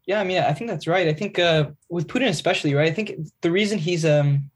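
A man's voice: on the high side, fast, slightly rough. A man answering interview questions earnestly, explaining ideas at length and often checking in with "right?". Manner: earnest, lecturing, keeps adding "right?". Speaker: guest, magazine writer.

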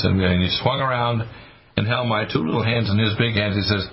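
A man's voice: on the low side, fairly even intonation, a little fast. A male radio talk show host giving a rambling, intense, preachy monologue about the end times. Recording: muffled lo-fi radio broadcast.

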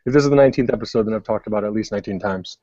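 A man's voice: fairly low pitch, racing, mellow, no room sound, highs cut off. A young adult man telling a long story in casual podcast chat, rambling with many fillers. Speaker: podcast co-host.

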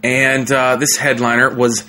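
A young man, a comedian, telling a story in a casual, animated way, with lots of fillers and laughter. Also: mid-range voice, a little slow, a little hiss or hum. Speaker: comedian guest.

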